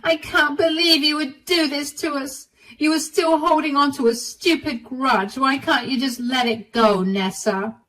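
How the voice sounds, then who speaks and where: A woman voicing an entitled younger sister who shouts accusations in a raised, higher voice. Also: lively intonation, takes it slowly, hardly any pauses, exaggerated voice, low-quality recording. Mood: angry shouting.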